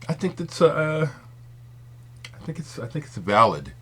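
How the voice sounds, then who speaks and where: A man's voice: a little high, very animated, measured pace, a bit bright, slight background noise. A man speaking in an impassioned, rambling monologue to his video audience. He repeats his points and swears for emphasis. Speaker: vinyl community video maker.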